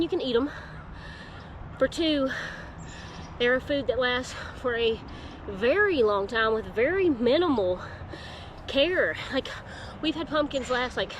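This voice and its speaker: Girl vlogging on her phone, kinda high voice, chatty, lots of "like" and "guys", noisy background. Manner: chatty and excitable, says "like" and "guys" often. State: out of breath. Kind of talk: casual vlog chat to camera. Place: outdoors and in her car. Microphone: phone on a small tripod.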